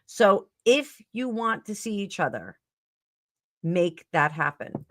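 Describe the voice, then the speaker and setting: A middle-aged woman hosts a live tarot stream in a loose, rambling way. She chats with viewers, drifting between topics and correcting herself. Her voice sits at an ordinary middle pitch. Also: sing-song, takes it slowly, noisy background. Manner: chatty and rambling, with frequent fillers and self-corrections. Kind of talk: casual live-stream chat and tarot reading.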